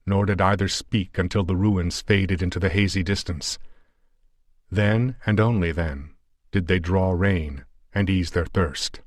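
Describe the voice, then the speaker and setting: A man narrating a pulp adventure story in a measured, dramatic audiobook reading on a close mic. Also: sits low, no echo.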